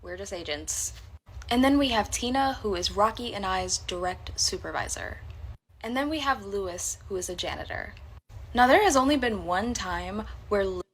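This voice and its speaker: A woman's voice: mid-range voice, lively intonation, normal speed, husky. A woman telling a personal work story in a candid, blunt and profane way. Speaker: storyteller in a reacted-to clip. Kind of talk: casual storytelling to camera.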